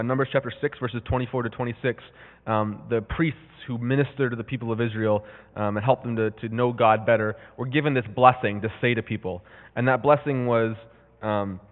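Guy teaching a bible lesson, chatty with lots of ums, sounds tinny like over a phone, big echoey hall. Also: medium pitch. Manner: conversational, with many fillers and restarts; reads scripture aloud with rising intensity.

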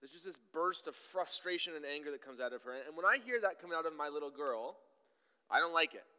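A man in his thirties, a pastor, preaching a sermon in a conversational, emphatic way with sudden loud bursts. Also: fairly high pitch, animated, fast talker, clean tone, in a large hall.

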